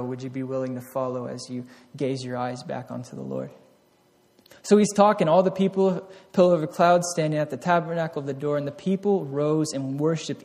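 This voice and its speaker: Earnest preacher man in a reverberant hall. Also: a little high. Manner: earnest, swings from loud exhortation to hushed reflection; repeats words and restarts phrases. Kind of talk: sermon.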